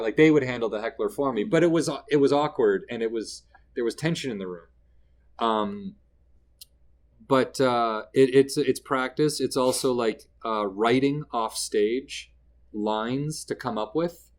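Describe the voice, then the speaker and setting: Canadian comedian guy chatting on an interview, animated, does little voices for people in his stories. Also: mid-range voice, moderate pace. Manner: animated, acts out quoted people mid-story. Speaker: guest comedian. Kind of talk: casual interview storytelling.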